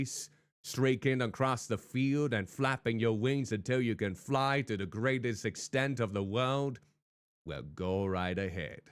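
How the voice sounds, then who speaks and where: Smooth and medium-pitched, a man's voice comes through a dry, clean studio recording. He's streaming a game in an exaggerated noir private-eye voice, chatty with his audience and calling out viewers by name as faint music plays.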